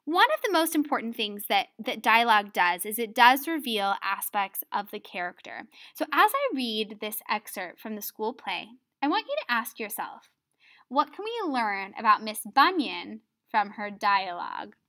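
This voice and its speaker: A woman's voice: fairly high pitch, sing-song, moderate pace, sharp tone. A woman teaching a writing lesson on dialogue, explaining step by step and often checking in with "right?". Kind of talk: recorded lesson video.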